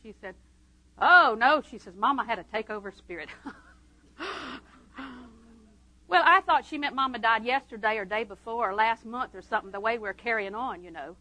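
A woman preaching a sermon, telling stories with humor and swinging between quiet asides and loud proclamation. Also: fairly high pitch, normal speed, pauses often, rough recording. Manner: humorous, conversational.

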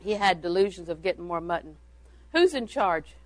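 With a fairly low, animated voice at normal speed, an older woman gives a folksy parenting talk to churchgoers, laughing softly between anecdotes. The recording is rough.

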